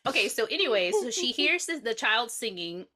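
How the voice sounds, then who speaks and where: A woman co-hosting a movie review podcast, chatting casually. Her bright, fairly high voice swings up and down a lot. She swears freely and laughs often. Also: normal speed. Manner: animated, laughs often, profane. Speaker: podcast co-host.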